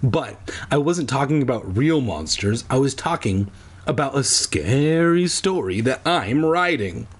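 Frantic young schoolboy in a storybook, put on by a man, shrill yelps, husky edge, lively swoops. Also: a little slow. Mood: snippy. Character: panicky young schoolboy narrator.

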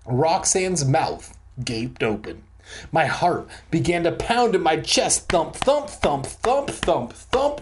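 A man reads a children's horror story aloud for laughs, taking his time over each spooky line. His pitch swings widely as he dramatizes the scene. He then drops into flat, deadpan crude asides before going back to the story. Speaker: comic reader. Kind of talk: comic reading of a children's horror book with asides.

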